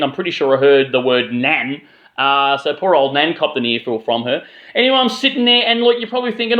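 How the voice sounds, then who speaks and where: A man's voice: fairly high pitch, fairly bright tone. A young Australian man hosting his review vlog, telling a story in a profane, blokey, self-deprecating way. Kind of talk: casual storytelling monologue. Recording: echoey room, dull lo-fi sound.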